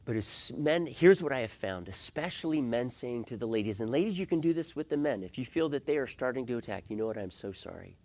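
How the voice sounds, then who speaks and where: A middle-aged man preaching a sermon as a pastor, swinging from hushed asides to loud emphatic points and asking rhetorical questions. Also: medium pitch.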